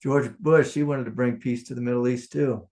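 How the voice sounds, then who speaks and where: A man, a spiritual teacher giving a satsang talk, often laughing, swinging from impassioned outbursts to hushed prayer. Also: medium pitch, steady tone, normal speed.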